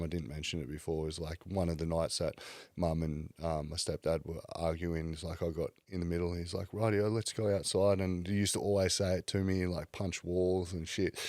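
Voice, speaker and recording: A man's voice: sits low, flat delivery, a little fast, few pauses, darkish tone, no echo, clean studio sound. A man, a podcast guest telling his life story in a casual, candid way, full of fillers and swearing. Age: 30s.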